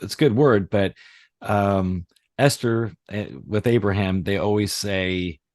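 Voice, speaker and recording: A middle-aged man with a low-pitched voice hosts a casual podcast chat. He rambles in an animated way, full of fillers and restarts. The sound is dry and close, with no room around it. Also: a little slow, dry recording. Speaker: podcast host, reality surfing teacher.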